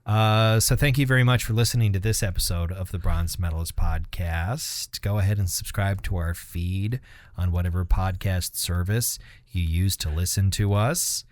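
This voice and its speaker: A man's voice: deep voice, normal speed, no room sound. A young man co-hosting a podcast, rambling casually with lots of swearing and laughter. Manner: rambling, profane, laughs at his own stories. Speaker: podcast co-host. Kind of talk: casual chat.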